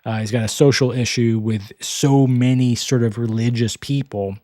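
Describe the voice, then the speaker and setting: Answering listener questions on his podcast, this host from the American South rambles casually, laughs frequently, and pokes fun at himself. He talks at a normal speed in a mellow, mid-range voice with fairly even intonation, and the studio-quality recording has no room sound.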